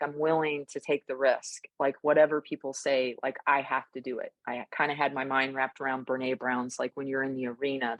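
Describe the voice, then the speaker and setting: A woman co-hosting a podcast, telling a story in a relaxed, reflective way with frequent fillers. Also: deep voice, no echo. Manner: thoughtful storytelling, many fillers. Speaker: podcast co-host. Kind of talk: casual reflective chat.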